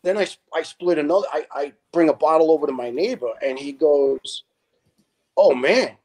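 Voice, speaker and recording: Animated New storyteller, fairly high voice. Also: male voice, fairly quick. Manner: animated storyteller who acts out quoted people with big pitch jumps. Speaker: podcast guest, retired firefighter. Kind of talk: storytelling in a podcast interview.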